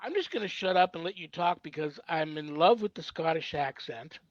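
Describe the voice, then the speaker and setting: A man's voice: on the high side, lively intonation, a little fast, no echo. A man hosting a casual podcast interview, talking in a rambling, chatty way with many fillers. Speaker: podcast host. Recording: dull, dry podcast recording.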